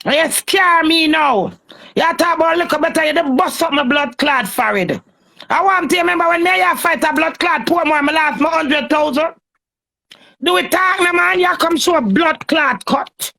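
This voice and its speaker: A woman's voice: sits high, moderate pace, gravelly, bright, forceful tone. Fiery Jamaican woman ranting. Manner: heated, cursing, confrontational. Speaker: live streamer. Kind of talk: angry live-stream rant. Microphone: phone on a live stream.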